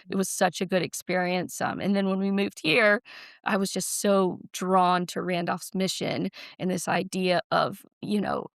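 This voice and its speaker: A school's director of development from Alabama earnestly tells family stories in a casual podcast interview, with frequent ums. Her voice is on the low side with vocal fry, captured in a dry, studio-quality recording.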